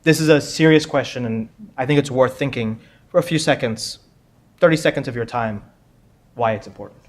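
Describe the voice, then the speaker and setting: A man's voice: mid-range voice, a little fast. Joking man hosting a live quiz. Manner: joking, chatty, repeats himself. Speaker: quiz host. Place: conference room with audience.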